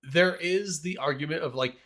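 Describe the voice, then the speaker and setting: A man's voice: on the high side, normal speed, a bit bright. A man hosting a casual panel discussion, talking in a hesitant, rambling way with many restarts.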